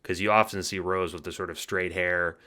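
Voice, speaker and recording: A man's voice: sits low, steady tone, a little fast, sharp tone. A man casually reviewing fan art, enthusiastic and rambling, swearing freely, sleepy late at night. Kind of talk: casual commentary.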